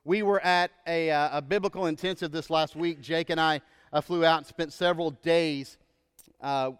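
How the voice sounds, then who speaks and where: A male pastor preaching a sermon in a relaxed, storytelling way, often checking in with "right?". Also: fairly high pitch, moderate pace, clean tone, long reverb tail.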